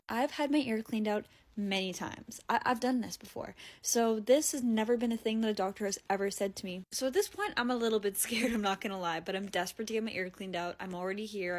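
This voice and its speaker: A young woman casually ranting about a bad experience, retelling it with exasperated, animated quoted dialogue. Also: mid-range voice. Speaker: vlogger. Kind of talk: casual storytelling rant.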